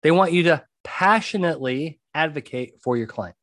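A man with a slightly high voice gives blunt advice in an emphatic, conversational monologue. He hammers his main points by repeating them, often checking in with a quick "okay". The sound is close and dry, with no room around it. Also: expressive, a bit bright, dry recording. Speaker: podcast host and jury consultant.

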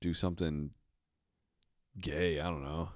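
A young man co-hosting a podcast, talking in a crude, profane, deadpan teasing way. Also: extremely low pitch, measured pace, no room sound, clean studio sound. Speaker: podcast co-host. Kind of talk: crude casual chat.

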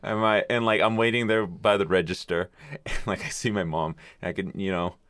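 Young male co-host, deep voice, crude and laughing storyteller, dry recording. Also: fairly even intonation, brisk, a bit bright, no echo. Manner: swears freely and laughs through his stories. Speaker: co-host telling stories. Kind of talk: casual chat.

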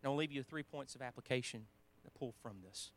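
Quoting scripture and often restarting, a man preaches a sermon as if in conversation, shifting between emphatic lines and quiet asides. His pitch is medium and his pace quick.

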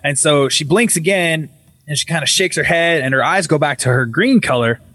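A man's voice: fairly high pitch, moderate pace. A man telling a creepy personal story to a group on a call, swearing freely and acting out the voices in it. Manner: animated, swearing, acts out voices in his story. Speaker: caller telling a ghost story.

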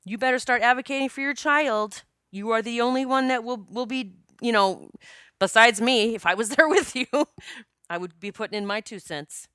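A woman speaking as a psychic medium, telling a personal story in an emotional, animated way with many fillers and some swearing. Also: on the high side, moderate pace, smooth, no room sound, studio quality. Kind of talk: casual storytelling monologue.

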